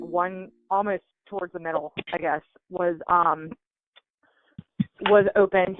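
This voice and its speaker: A woman's voice: on the low side, slight background noise. A woman calling in, telling a story casually and animatedly, with lots of fillers. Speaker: call-in guest. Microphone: phone. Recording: tinny phone line.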